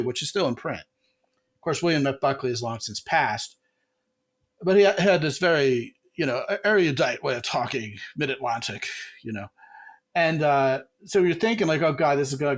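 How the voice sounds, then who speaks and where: A middle-aged man hosting a podcast as a comedy coach, telling stories in a lively way and jumping his pitch for quoted voices. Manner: animated storyteller, jumps pitch for quoted voices. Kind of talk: casual podcast chat.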